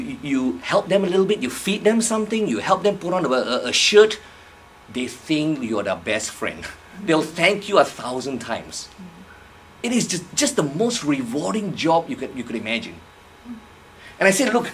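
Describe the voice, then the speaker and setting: A man from Malaysia tells a story to a live audience, his voice bright and lively as it swoops up and down while he acts out both sides of a conversation. A faint hum of room ambience sits underneath him. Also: on the high side. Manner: animated, acts out dialogue with laughs. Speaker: motivational speaker.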